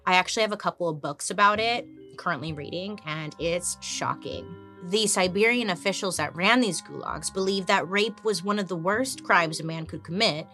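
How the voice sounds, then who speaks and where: A woman's voice: fairly low pitch, pushed and bright. A woman in her thirties hosting a history podcast, chatty and irreverent, swearing casually as she tells the stories. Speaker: podcast host.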